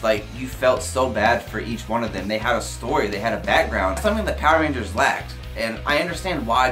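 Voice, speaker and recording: An excitable young man talks through a film review in a loose vlog style. He swears without a second thought, and his voice jumps high whenever he gets carried away. Soft music plays faintly behind him. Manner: excitable and emotional, swears casually, pitch jumps when worked up. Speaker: movie reviewer. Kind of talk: casual movie review vlog.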